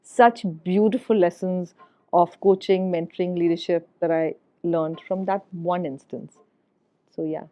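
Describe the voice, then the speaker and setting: A woman's voice: lowish voice, fairly even intonation, unhurried, mellow. A middle-aged woman, a podcast guest telling a personal story in an earnest way and repeating words for emphasis. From India. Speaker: guest, HR executive. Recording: dull lo-fi podcast audio.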